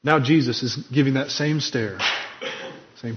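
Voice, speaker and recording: A man's voice: medium pitch, unhurried, dull audio, background noise. A man preaching a sermon in an earnest, emphatic way, acting out quoted lines with drama. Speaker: pastor.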